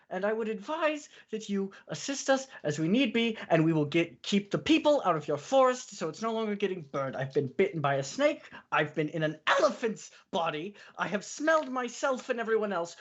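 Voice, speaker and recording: Brief: woman playing a tense orc barely holding back his anger, scarily calm, lively pitch, dull lo-fi audio.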